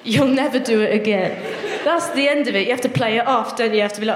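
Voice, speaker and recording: A woman's voice: on the high side, fast talker. A woman performing a stand-up set at a live show, chatting with audience members between jokes. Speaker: stand-up comedian. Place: large live venue before an audience. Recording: roomy live hall with faint noise.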